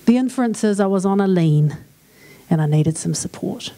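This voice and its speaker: A woman's voice: mid-range voice, animated, moderate pace, warm tone, slight background noise. A woman with a New Zealand accent giving a humorous talk at a church conference, chatting and acting out little dialogues. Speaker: conference speaker.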